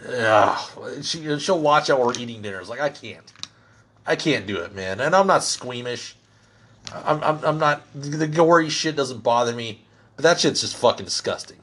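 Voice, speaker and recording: A middle-aged man ranting in a blunt, crude way, swearing heavily and getting animated as he vents. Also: medium pitch, moderate pace, breathy edge. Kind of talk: profane comedic rant.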